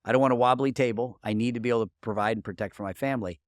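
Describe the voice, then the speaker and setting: A man's voice: mid-range voice, rapid-fire, dry recording, studio quality. A middle-aged man as a podcast guest, telling personal stories in an earnest, casual way with many restarts. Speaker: podcast guest, marketing coach. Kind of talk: casual interview talk.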